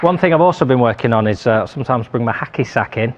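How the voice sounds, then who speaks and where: A man on a comedy panel show, telling stories in a dry, deadpan, self-mocking way. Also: mid-range voice, fast, some chatter behind. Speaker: team captain. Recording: dull TV sound.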